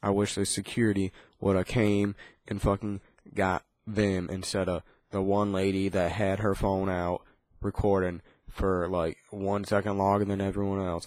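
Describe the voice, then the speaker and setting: A man with a lowish voice rants in a loose, casual way, cursing nearly every line and restarting his sentences. The sound is dry, with no room echo. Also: darkish tone. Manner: swears constantly, rambling with restarts. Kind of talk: casual profane rant.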